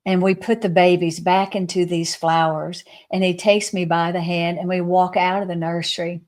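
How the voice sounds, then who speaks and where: A woman with a fairly low voice recounts a spiritual vision as a guest. She speaks earnestly, with small restarts. Her voice often softens and slows to a near-hush. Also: level tone. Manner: soft, hushed and slowed when quoting. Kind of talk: spiritual testimony storytelling.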